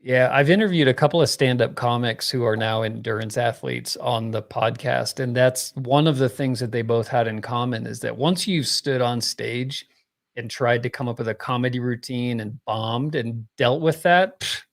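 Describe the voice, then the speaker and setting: A middle-aged man as a podcast guest, talking in a relaxed, rambling way with lots of fillers. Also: mid-range voice, normal speed, creaky. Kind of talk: casual podcast conversation.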